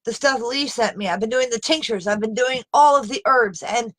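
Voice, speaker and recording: A frustrated woman speaks on a live video straight into her phone camera, upset and exasperated. Her voice sits a little high, and she pleads and insists with emphasis, talking unscripted to her viewers. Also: moderate pace, a bit bright, low-quality recording. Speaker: live streamer.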